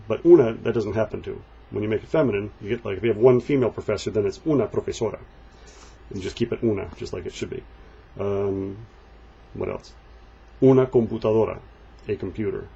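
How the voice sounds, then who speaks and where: Male language teacher, mellow husky voice, slow drilled counting, dull lo-fi recording. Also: fairly low pitch. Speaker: Spanish teacher. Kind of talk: textbook walkthrough lesson.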